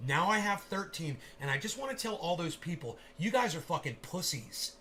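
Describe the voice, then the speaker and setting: A man livestreaming a profane rant, who swears constantly, bursts into shouting and acts out scenes in quoted voices. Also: on the high side, sing-song, normal speed, slight background noise.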